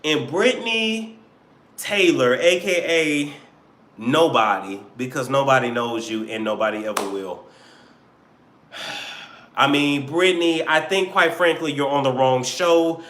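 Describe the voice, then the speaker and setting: A man hosting a live-stream celebrity gossip show, animated and joking, sometimes slipping into mock accents. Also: mid-range voice, measured pace, reverberant.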